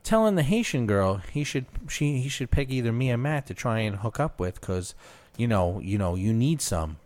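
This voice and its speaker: Animated, profane male storyteller. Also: medium pitch, normal speed. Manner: animated, profane, gets loud and laughing as the story builds. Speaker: podcast co-host. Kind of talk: casual chat, telling a funny story.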